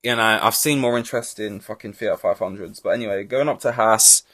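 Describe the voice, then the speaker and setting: A man's voice: on the low side, brisk, fairly bright tone, no room sound. Man, podcast host, casual rant, frequent swearing, rambling restarts, dry recording. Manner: opinionated, profane, rambling with restarts. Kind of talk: casual ranting podcast chat.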